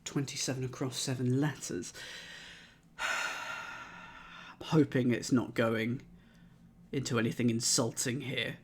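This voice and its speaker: Male streamer, unhurried delivery, puzzles things out aloud, working through options one by one. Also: mid-range voice, fairly even intonation, breathy edge. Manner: muses aloud, methodically tries out letters and words. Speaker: streamer solving crosswords. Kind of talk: thinking aloud, chatting with live chat.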